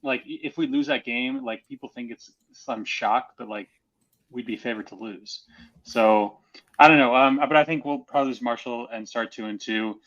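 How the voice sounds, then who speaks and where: A man's voice: medium pitch, normal speed, fairly bright tone. A man on a sports podcast giving his picks hesitantly, with lots of fillers. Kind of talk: casual sports chat. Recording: slightly dull lo-fi sound.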